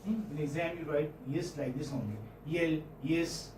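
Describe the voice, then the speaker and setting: A man's voice: on the high side, normal speed, darkish tone, slight background noise. Patient male phonetics teacher, echoey classroom. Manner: patient, checks in often with "okay?" and "hmm?". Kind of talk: classroom lecture. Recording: echoey classroom, mic far off.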